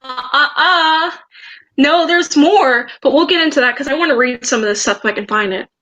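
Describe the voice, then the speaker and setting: A woman's voice: sits high, normal speed, bright, forceful tone, low-quality recording. A young woman hosting a casual livestream chat, hesitant and repeating herself while she hunts for screenshots. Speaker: livestream host.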